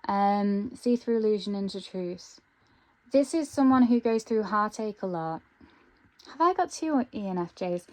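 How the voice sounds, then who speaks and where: A woman giving an intuitive tarot reading, thinking aloud with frequent pauses and ums. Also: fairly high pitch, darkish tone. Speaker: tarot reader.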